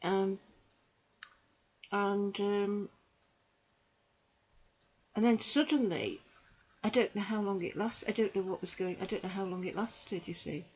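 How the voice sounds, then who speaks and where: A middle-aged woman gives earnest personal testimony to camera, halting and repeating herself. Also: mid-range voice, slight background noise, poor audio. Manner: halting and repetitive, with restarts; earnest and emotional, with bitter dark humour. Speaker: survivor giving testimony.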